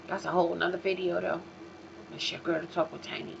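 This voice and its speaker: A woman hosting her own vlog, ranting in a profane, emphatic way, swinging from loud outbursts to low mutters. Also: steady tone, brisk, vocal fry. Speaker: vlog host. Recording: dull lo-fi recording with faint noise.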